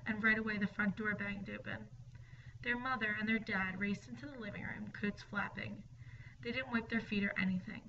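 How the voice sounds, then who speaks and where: A woman reading a ghost story aloud, dropping to a hushed whisper at the scary parts. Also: mid-range voice. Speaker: narrator. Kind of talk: storybook narration. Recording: dull distant recording with faint hiss.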